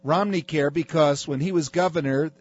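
A man's voice: a little high, moderate pace, breathy edge, no room sound, lo-fi sound. A man hosting a talk radio show, speaking in an emphatic, preachy way.

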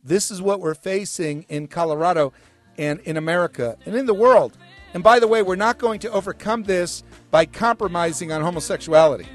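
Radio talk show guy ranting emphatically, a bit high voiced, dry close studio mic. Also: fairly quick, dry recording, faint music behind. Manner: emphatic, reads legal text aloud with mounting insistence. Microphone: studio broadcast microphone.

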